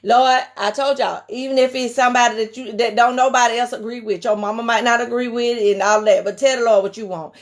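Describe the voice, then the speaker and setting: A woman with a raspy voice and a country twang, preaching in a casual live-stream sermon. She is emphatic, repeats key phrases and speaks to viewers by name. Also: a little high, fairly even intonation, fast talker, few pauses.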